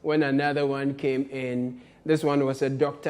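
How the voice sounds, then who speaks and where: This man hosts a satirical comedy show, delivering comic commentary in a playful way, often laughing and sometimes mock shouting. His voice is mid-range, his delivery flat, and his pace moderate.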